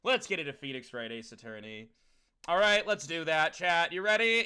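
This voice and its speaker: A young man from New York chats to his stream in a loud, animated way, swearing freely and calling out to his viewers. His voice is sharp and bright, sitting a touch high for a man. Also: moderate pace, clean tone, soft background music. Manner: loud, animated, swears often, talks straight to chat. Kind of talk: casual livestream chat.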